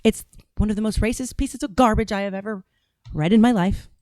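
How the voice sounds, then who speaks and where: A woman's voice: medium pitch, a little fast, a little mellow, a little hiss or hum. A woman hosting a reaction video, talking casually in a blunt, rambling, profane way.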